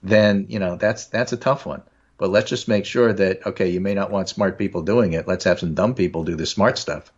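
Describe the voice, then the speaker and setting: A man with a New York accent chats about politics in a low, husky voice, wry and a little rambling. The recording is dull and lo-fi, with the top end muffled. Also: a little fast. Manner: wry, rambling, reads quotes aloud. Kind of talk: casual political chat.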